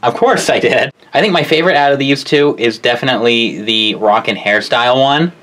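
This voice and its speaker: A man's voice: medium pitch, fairly quick, fairly bright tone. A man co-hosting a toy review, chatting in a casual, teasing way. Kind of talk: casual chat.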